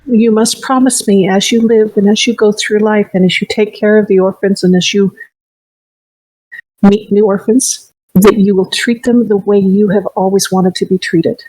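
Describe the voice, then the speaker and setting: A woman playing a gentle, caring fortune teller who speaks in a soft, measured, consoling way. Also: mid-range voice, steady tone, husky, no room sound, close to an everyday voice, rough recording. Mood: earnest.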